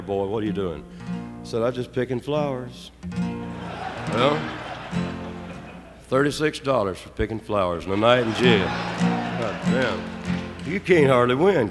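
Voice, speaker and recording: A man singer telling a loose, joking story between songs on a concert stage inside a prison. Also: fairly low pitch. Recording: live hall reverb with guitar music.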